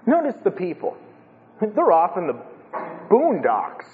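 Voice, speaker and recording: A man's voice: high voice, wildly swooping pitch, measured pace, pauses often. A man preaching an expository sermon, impassioned and building to emphatic peaks. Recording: lo-fi with long reverb.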